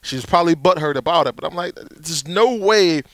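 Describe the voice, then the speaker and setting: A man in his thirties co-hosting a casual sports podcast, telling stories with lively quoted voices. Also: fairly high pitch, normal speed, no room sound, clean studio sound. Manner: animated storyteller, acts out quotes. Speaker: podcast co-host.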